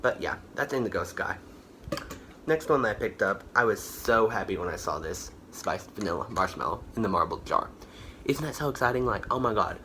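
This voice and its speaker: A man reviews a candle haul a little fast, his low voice lively, pushed, and bright. Rambling with plenty of fillers and self-corrections, he sounds a bit tired and out of breath. Slight background noise is present.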